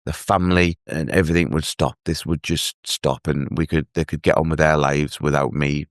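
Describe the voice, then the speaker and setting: An earnest man telling his own story as a guest in an interview, halting and restarting as he speaks. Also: very deep voice, steady tone, no room sound, clean studio sound. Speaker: guest, mental health advocate. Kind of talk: emotional personal story in an interview.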